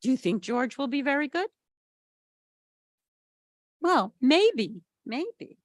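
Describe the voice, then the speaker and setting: Woman storyteller, children's read-aloud, very slow, lively swooping pitch, dry close sound. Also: dry recording. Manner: animated, asks the children questions. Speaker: storyteller at a family service.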